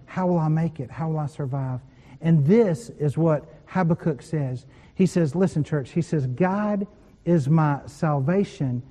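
A man's voice: fairly high pitch, dark tone, long reverb tail. A man preaching a sermon, telling personal stories with quoted voices and laughing at times. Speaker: pastor.

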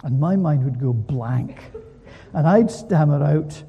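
A man delivers a sermon from the pulpit with wide, lively swings of pitch, throwing rhetorical questions at the congregation. He speaks slowly, and his dark, breathy voice carries a long reverb from the church around him. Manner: animated preaching with rhetorical questions. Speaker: preacher.

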